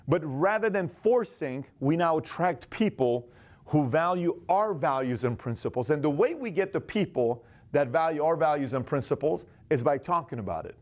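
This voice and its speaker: A man in his forties giving an energetic motivational business talk, acting out quick snatches of dialogue. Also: fairly high pitch. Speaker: business speaker.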